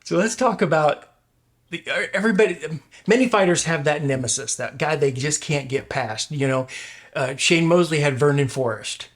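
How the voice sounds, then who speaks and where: A man's voice: fairly high pitch, moderate pace. A male interview host asking questions in a casual, loose way, with restarts and fillers.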